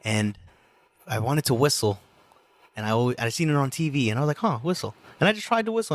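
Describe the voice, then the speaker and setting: A man's voice: medium pitch, lively intonation, fast. A man in his twenties from New Jersey, a guest musician telling his story in casual podcast chat, slangy and rambling. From United States, New Jersey. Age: 20s. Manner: slangy, rambling, full of filler phrases.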